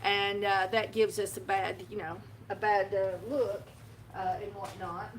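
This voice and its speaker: A woman's voice: mid-range voice, flat delivery, a little slow, a little hiss or hum. A woman chatting casually to her viewers, rambling with lots of fillers and restarts, recorded by a camera on a tripod. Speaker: soap-making vlogger.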